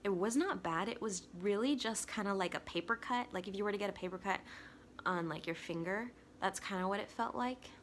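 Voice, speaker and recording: Excitable chatty young woman. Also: mid-range voice, fairly quick, a little hiss or hum. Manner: excitable, chatty, talks with 'like' often. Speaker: vlogger. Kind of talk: casual personal storytelling.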